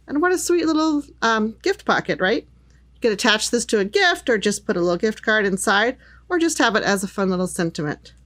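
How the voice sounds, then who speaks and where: A middle-aged woman with a mid-range, fairly bright voice presents craft products, demonstrating stamps. She's bubbly and gushing, calling things "little" and "cute" a lot.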